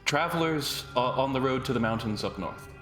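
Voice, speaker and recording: A man's voice: medium pitch, normal speed, a bit bright, reverberant, faint music behind. A man playing in a tabletop game, stumbling and restarting his sentences. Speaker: player. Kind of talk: casual tabletop play.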